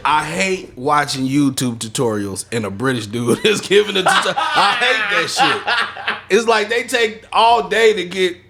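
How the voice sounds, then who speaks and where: A man co-hosting a podcast, telling stories in a lively casual chat and laughing often. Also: a little high, normal speed, gravelly, few pauses, heavy background noise. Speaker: podcast co-host.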